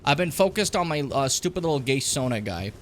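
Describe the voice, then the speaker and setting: A man's voice: medium pitch, expressive, fairly quick, fairly bright tone, a little hiss or hum. A young man hosting a game stream, joking around in casual, playful chat and sometimes talking while eating. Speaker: streamer host. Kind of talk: casual chat over gameplay.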